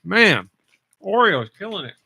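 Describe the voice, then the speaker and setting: A man's voice: high-pitched, big pitch swings, measured pace, creaky, sharp tone, husky. A man hosting a casual podcast, joking and reading out chat comments as he taste-tests snacks. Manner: playful, reads chat comments aloud while eating. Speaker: podcast host.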